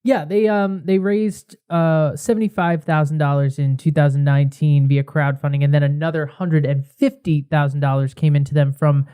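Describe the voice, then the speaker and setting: A man's voice: fairly high pitch, normal speed, hardly any pauses, clean tone. Man co-hosting a craft beer podcast. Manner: animated storyteller, builds up to punchlines. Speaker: podcast co-host. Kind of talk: casual podcast chat.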